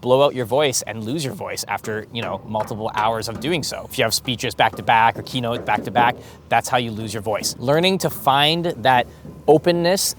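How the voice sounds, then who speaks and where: A man coaching viewers to speak more clearly, talking to camera in an animated, demonstrative way with exaggerated enunciation. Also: medium pitch, slight background noise. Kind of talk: instructional talk to camera.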